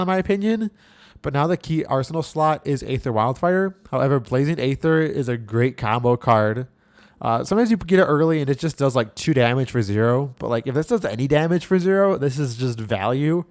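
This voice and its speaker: A young man giving a casual, rambling and enthusiastic breakdown of a card game deck. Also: medium pitch. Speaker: card game content creator.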